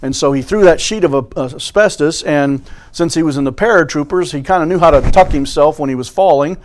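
A man's voice: fairly high pitch, fairly quick. A man preaching a sermon, folksy storytelling with fervent swells.

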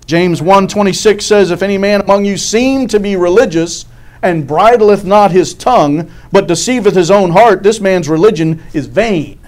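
A man's voice: sits high, moderate pace, darkish tone. A middle-aged man preaching a sermon in a folksy way, often asking "amen?" and laughing at his own stories. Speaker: pastor.

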